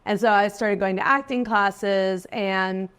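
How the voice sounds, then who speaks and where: A woman's voice: medium pitch, steady tone, measured pace, fairly bright tone, smooth. A woman in her forties, a guest actress in a casual interview, who talks in a chatty way, laughs often and lifts her voice when quoting people. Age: 40s.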